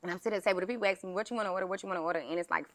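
A woman's voice: lowish voice, a bit bright, dry recording. A young woman talking as a guest in a casual chat, blunt and cursing freely as she tells stories. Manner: blunt, heavy cursing, drawn-out storytelling.

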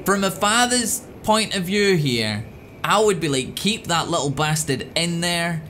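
Crude, excitable high-voiced gamer. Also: male voice, measured pace, a little hiss or hum. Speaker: let's play host. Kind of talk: profane gameplay commentary.

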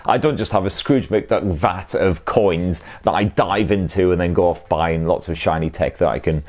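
Hosting a laid-back viewer Q&A on a tech show, this Sunderland man speaks with a Northeast English accent in a deep, darkish voice at normal speed. He keeps things cheeky and sweary with jokey asides.

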